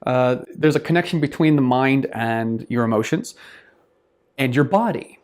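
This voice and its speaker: A casual man hosting his own self-improvement channel, talking a viewer through a book. He speaks at a mid pitch, animated and loose, acts out his examples and drops the odd swear word. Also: normal speed. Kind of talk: casual talk to camera.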